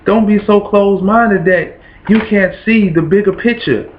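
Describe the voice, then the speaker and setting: Music runs beneath this dull, lo-fi recording, which carries a little hiss or hum. The host, a Kentucky man with a matching accent and a voice that sits high, delivers motivational preaching at a moderate pace in a rhythmic, repetitive cadence.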